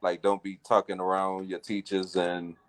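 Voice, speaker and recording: A man's voice: low-pitched, completely flat delivery, normal speed, no room sound. A man talking in a casual group chat, loose and slangy, often checking that others follow him. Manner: loose slangy talk, keeps asking "you get what I'm saying".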